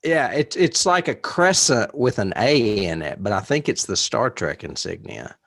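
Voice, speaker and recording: A man talking about a favorite movie in a loose, casual podcast chat, his pitch swooping all over as he gets worked up. He laughs easily and lets a curse slip now and then. The sound is close and dry, with no room around him. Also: moderate pace, creaky, no room sound. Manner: animated, laughs often, swears casually. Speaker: podcast co-host.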